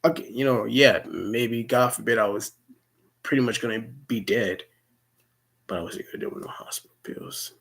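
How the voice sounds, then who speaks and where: A man's voice: mid-range voice, normal speed, gravelly, a bit bright, husky. A young man rambling through a personal story, swearing often and stumbling over repeated words. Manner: rambling, profane, stammering restarts.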